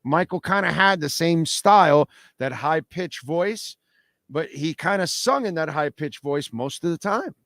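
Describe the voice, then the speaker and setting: A man's voice: on the high side, a little slow, no echo. Male radio host, casual studio talk, emphatic, repeats himself, dry close sound. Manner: animated, emphatic, repeats words. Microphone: studio microphone.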